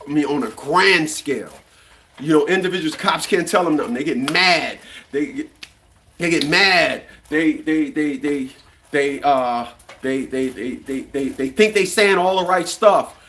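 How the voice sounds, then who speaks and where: A man's voice: fairly high pitch, a little slow, fairly bright tone, a little hiss or hum. A man in his fifties delivering a blunt, profane opinion rant, often stumbling and repeating words as he restarts. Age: 50s. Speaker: commentary channel host.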